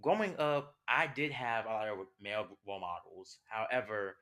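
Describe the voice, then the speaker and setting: A man's voice: fairly low pitch, moderate pace, sharp tone. A young man, hosting a podcast as a passionate, conversational monologue full of rhetorical questions. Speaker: podcast host. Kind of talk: personal monologue.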